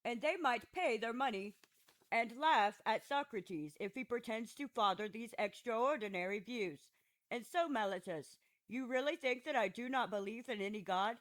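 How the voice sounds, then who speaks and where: A woman's voice: on the high side, moderate pace, fairly bright tone, lightly acted, rough recording. A woman narrating an audiobook voices an aging male philosopher who defends himself at trial with patient, ironic questions. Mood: ironic questioning. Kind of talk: audiobook reading of a classic dialogue.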